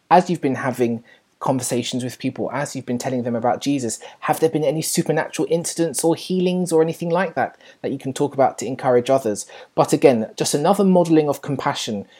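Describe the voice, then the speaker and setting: A woman with an unusually low, mellow voice gives an earnest church teaching. Her tone is a little husky, and she speaks encouragingly, trailing into fillers and quick self-corrections.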